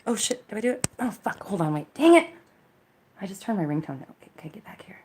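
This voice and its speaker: A woman's voice: mid-range voice, big pitch swings, fast talker, a little mellow. A woman hosting a live Q&A as a mindset coach, chatting casually into her phone, reacting to viewer comments with frequent laughter and casual swearing. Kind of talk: casual live-stream chat.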